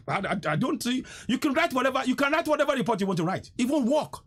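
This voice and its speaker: A man's voice: very high-pitched, sing-song, quick pace, a bit bright, slightly rough. A man hosting a live stream, delivering a fiery, emphatic political rant and repeating lines for effect.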